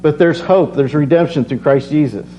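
A man's voice: on the high side, moderate pace. Earnest, tired man preaching personally. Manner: earnest, personal, repeats phrases when excited. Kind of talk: casual sermon with scripture reading. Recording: slightly dull recording with faint hum.

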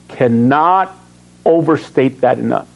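A man's voice: mid-range voice, takes it slowly, creaky, highs cut off. A man preaching a sermon as pastor, reading scripture aloud and asking his congregation questions, chuckling between points. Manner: animated, asks the congregation questions and answers himself.

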